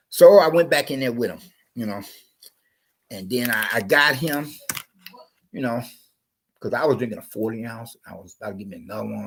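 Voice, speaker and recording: A channel host with a mid-range, fairly bright voice is coughing and under the weather as he tells a rambling, digressive story, often repeating himself. The audio is poor, with a little hiss or hum.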